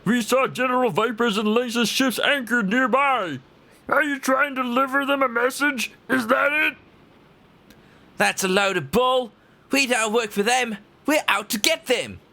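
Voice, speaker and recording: A man's voice: extremely high pitch, unhurried, bright, forceful tone, pitched above the performer's own voice, full character voice. A man voicing a hot-headed young male pirate crewman, brash and threatening, as he reads game dialogue aloud. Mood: aggressive.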